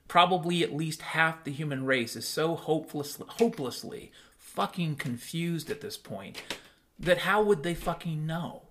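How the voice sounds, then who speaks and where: A man hosting a solo podcast, his voice sitting a little higher than most men's. He rants bluntly at his listeners, sarcastic and quick to swear, and keeps firing rhetorical questions at them. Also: fairly bright tone. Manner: blunt, profane, sarcastic rant. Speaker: podcast host.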